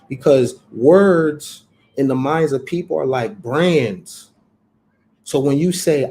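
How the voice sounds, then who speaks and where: A man's voice: on the high side, lively intonation, measured pace, warm tone, a little hiss or hum. A man hosting a livestream talk, speaking in an emphatic, preachy way and repeating phrases for effect. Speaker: host.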